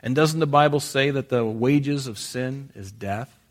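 A middle-aged man preaching to his congregation in a loose, conversational way. He stumbles and restarts his phrases and repeats them for emphasis. His voice sits at an ordinary pitch. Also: unhurried. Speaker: pastor. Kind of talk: sermon.

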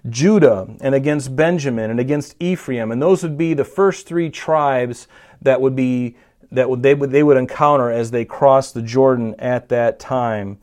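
A man's voice: medium pitch, normal speed, a little mellow. Male pastor, conversational sermon delivery, mid-range voice, builds to emphatic peaks. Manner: conversational teaching with frequent restarts and rising emphasis. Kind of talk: expository sermon.

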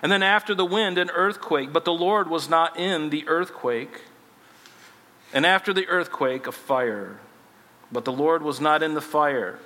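A male pastor gives a sermon in a plain, conversational way, stopping to read scripture aloud. His voice is bright and a little high for a man. It rings with a long reverb from a church sanctuary. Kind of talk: expository sermon.

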